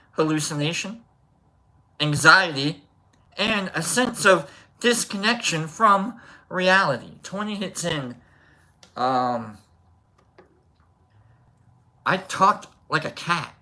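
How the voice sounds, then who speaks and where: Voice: medium pitch, bright, forceful tone. A live stream host chatting casually, telling a rambling story and greeting viewers in the chat.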